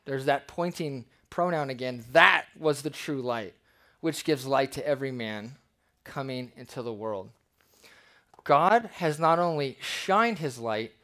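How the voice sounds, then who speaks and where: A man preaching a verse-by-verse sermon in a church, reading scripture and acting out the people in his examples. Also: on the high side. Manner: animated, acts out quoted voices. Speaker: pastor. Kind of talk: expository sermon.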